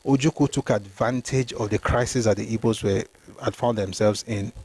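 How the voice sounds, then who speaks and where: A man's voice: lowish voice, fairly even intonation, normal speed, a little mellow, breathy edge. Man reading and commenting emphatically. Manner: reads documents aloud, then comments emphatically; addresses viewers by name, mixes Yoruba phrases. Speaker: host. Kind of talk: livestream history commentary.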